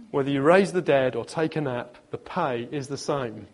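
A man's voice: mid-range voice, a little slow, long pauses. A man preaching a sermon, telling stories with humor and hammering points home through repetition. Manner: lively storytelling with emphatic repetition and humor.

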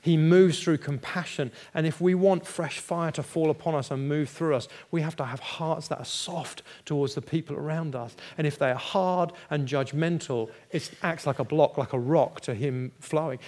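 A middle-aged pastor with a fairly high, darkish voice preaches at normal speed with few pauses. His sermon is built on personal stories, and he acts out the quoted voices in them while laughing at himself with self-mocking humour.

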